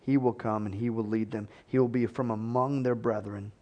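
A man's voice: fairly low pitch, fairly even intonation, normal speed, a little mellow. A man preaching a sermon in a conversational storytelling way, acting out the voices he quotes.

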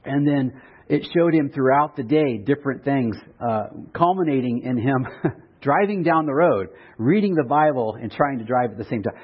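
A man preaching a sermon in a relaxed, conversational way, with restarts and light humor. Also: medium pitch, moderate pace, husky, phone-quality sound. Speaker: pastor.

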